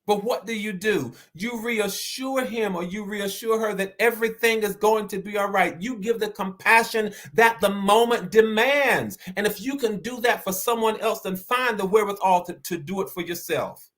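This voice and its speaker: A man with a Southern accent and a high voice speaks to his live-stream audience as host. He is earnest and repeats each main point slowly so that it sinks in. Now and then he reads out and thanks comments from the chat. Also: a bit bright. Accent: Southern American. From American South. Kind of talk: motivational live-stream talk.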